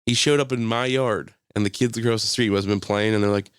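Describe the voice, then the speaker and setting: A man's voice: lowish voice, fairly even intonation, fast, clear, resonant tone, no room sound, clean studio sound. A young man telling a story on a podcast in a casual, profane way, laughing often and acting out other people's voices. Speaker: podcast host.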